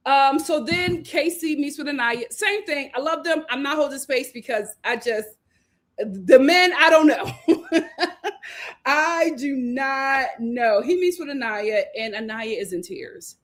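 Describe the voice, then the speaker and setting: A woman hosting a casual reality TV recap, animated and laughing as she acts out what the cast said. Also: high voice, unhurried. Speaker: host.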